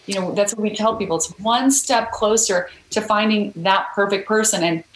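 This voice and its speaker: A woman's voice: medium pitch, moderate pace, echoey room, rough recording. A woman guest author telling a story in a podcast interview, earnest and encouraging.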